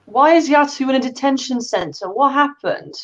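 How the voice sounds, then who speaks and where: A woman's voice: high voice, lively intonation, normal speed. Woman player, slightly muffled. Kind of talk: tabletop role-play.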